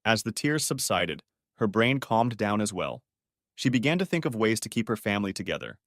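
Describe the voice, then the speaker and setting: A male narrator reading a dramatic story with lively, rising and falling pitch. The sound is dry and close, with no room. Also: normal speed, no echo.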